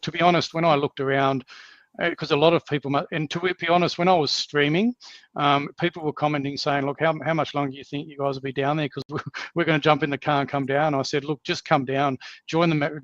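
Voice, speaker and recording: An Australian man who streams, chatting as a guest on a panel in a quick, offhand way. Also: mid-range voice, fairly bright tone, no room sound. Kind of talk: casual panel chat. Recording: dull lo-fi call audio.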